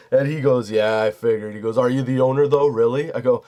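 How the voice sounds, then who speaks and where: A man's voice: medium pitch, steady tone, fairly quick, dark tone. A young man hosting a comedy podcast, telling a story in a profane, casual way and laughing often. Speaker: podcast host.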